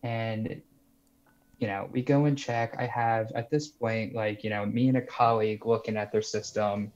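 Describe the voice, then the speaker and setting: A man's voice: fairly low pitch, fairly even intonation, moderate pace, a little mellow. Young man telling a story over a muffled call. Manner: rambling, heavy use of "like" and "you know". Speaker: caller sharing a story. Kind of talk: casual storytelling. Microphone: video call.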